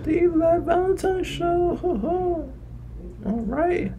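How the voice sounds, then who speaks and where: High-pitched put-on voice, a man. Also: expressive, takes it slowly, narrow, tinny audio, a little hiss or hum. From New Jersey. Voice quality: put-on high falsetto voice that slips deeper. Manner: brash, swearing, pushy. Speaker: streamer. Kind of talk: prank chat with a stranger.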